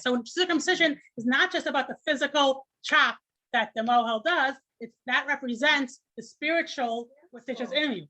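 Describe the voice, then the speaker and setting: A woman's voice: high-pitched, normal speed, pushed and bright. Chatty woman teaching a class. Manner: chatty, many fillers and restarts. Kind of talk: informal class lesson.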